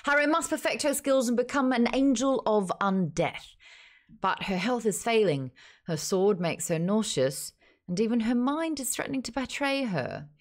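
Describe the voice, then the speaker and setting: A woman's voice: on the high side, expressive, normal speed, voice pushed up, close to an everyday voice. A woman imitating a grave, dramatic audiobook narrator while reading a book blurb aloud. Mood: portentous.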